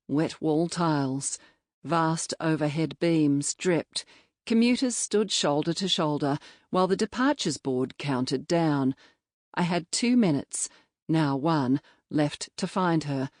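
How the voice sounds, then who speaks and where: Low-voiced woman narrating a novel. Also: darkish tone, no room sound, clean studio sound. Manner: measured, reflective storytelling. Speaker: audiobook narrator. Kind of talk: scripted first-person novel narration. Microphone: close studio mic.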